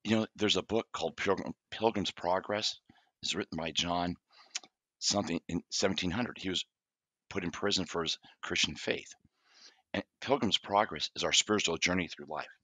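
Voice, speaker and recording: A middle-aged therapist appears as a guest on a conversational podcast, speaking at a moderate pace in a low voice with a breathy edge, recorded dry. He's an animated storyteller, recounting cases from his practice and acting out his clients' lines.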